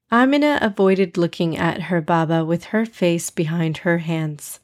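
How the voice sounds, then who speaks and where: A woman reading a children's story aloud in a clear, measured way. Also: lowish voice.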